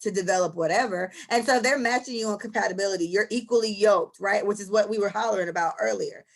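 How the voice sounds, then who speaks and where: A woman's voice: mid-range voice, fast talker, gravelly. A woman hosting a podcast in casual chat, telling stories bluntly with plenty of profanity and energy. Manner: blunt, animated storytelling with profanity. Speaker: podcast host.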